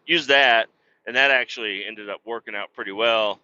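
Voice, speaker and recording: A man's voice: lowish voice, moderate pace, bright, forceful tone, highs cut off, a little hiss or hum. A middle-aged man hosting a podcast, rambling casually, swearing a lot and laughing at himself. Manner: profane, self-deprecating, laughs often. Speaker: podcast host.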